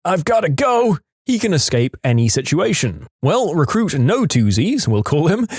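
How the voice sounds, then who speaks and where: A man's voice: moderate pace, husky, no room sound, clean studio sound. A man reading listener stories aloud as scripted narration, lifting his voice for quoted characters. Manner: animated, jumps pitch for quoted voices.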